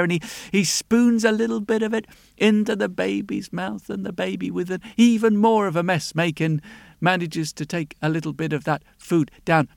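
A man telling a folk tale aloud in a lilting, unhurried way, with asides to the listener. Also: high voice, gravelly, no room sound, clean studio sound. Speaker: storyteller. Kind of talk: oral storytelling. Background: soft guitar.

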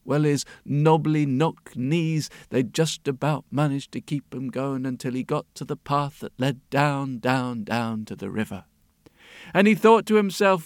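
A man telling a folk tale in a lively, expressive way, often repeating phrases. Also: fairly high pitch, normal speed, no echo, studio quality. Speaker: storyteller. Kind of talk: oral storytelling. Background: soft guitar.

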